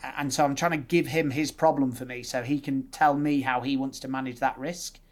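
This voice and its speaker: A male dentist with a Yorkshire accent explaining his methods in a podcast conversation, laying out options in steady lists. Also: medium pitch, a little fast. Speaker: dentist guest.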